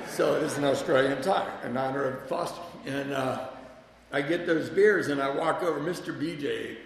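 A man's voice: fairly high pitch, gravelly, fairly bright tone, slight background noise. A man telling a candid, self-mocking personal story about his past drinking, with wry humor. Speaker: speaker sharing a recovery story. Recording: echoey hall with long reverb.

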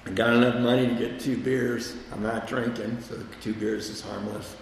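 A man's voice: medium pitch, flat delivery, moderate pace, creaky, a little hiss or hum. A man telling a candid, self-mocking personal story about his past drinking, with wry humor. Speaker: speaker sharing a recovery story. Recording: echoey hall with long reverb.

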